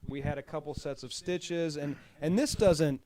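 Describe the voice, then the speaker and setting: A man's voice: on the high side, moderate pace, warm tone. A man who promotes fights, hosting a podcast in a rambling, repetitive, conversational way. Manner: rambling, repeats words and "at the end of the day". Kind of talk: casual podcast chat.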